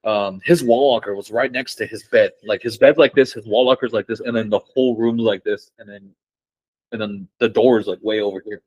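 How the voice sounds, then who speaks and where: A man's voice: on the low side, a little fast, dry recording, dull audio. Young man telling stories, casual. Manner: excited, swearing, laughs often, acts out quotes loudly. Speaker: podcast guest. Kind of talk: casual storytelling.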